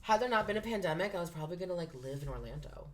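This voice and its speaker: Young drag performer, low voice, chatty storyteller, recorded in an echoey room off-mic. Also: female voice, racing, faint music behind. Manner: chatty storyteller, lots of "like", animated impressions. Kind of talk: casual chat.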